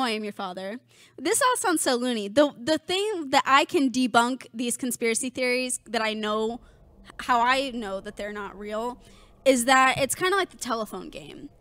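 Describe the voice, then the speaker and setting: A woman's voice: sits high, animated, moderate pace, a bit bright, no echo. A woman co-hosting a podcast in casual chat, telling stories and quoting lines in playful voices. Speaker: podcast co-host.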